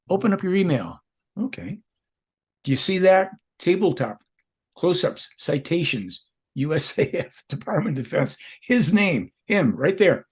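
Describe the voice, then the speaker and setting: A man's voice: medium pitch, animated, a little slow, darkish tone, breathy edge. An older man speaking as an interview guest, emphatic and rambling, often restarting his sentences. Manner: emphatic, rambling, with self-corrections. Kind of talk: conversational interview.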